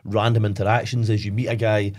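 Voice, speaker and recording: A young Scottish man chatting casually as a podcast co-host, rambling and animated, often asking "do you know what I mean". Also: lowish voice, fast. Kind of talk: casual chat.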